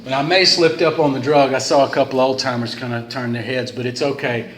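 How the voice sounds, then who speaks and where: A man's voice: medium pitch, fairly even intonation, quick pace. Man, recovery meeting speaker, rambling jokey delivery, echoey room with faint hiss. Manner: rambling, joking, self-deprecating. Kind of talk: casual storytelling talk. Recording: roomy hall sound with faint noise.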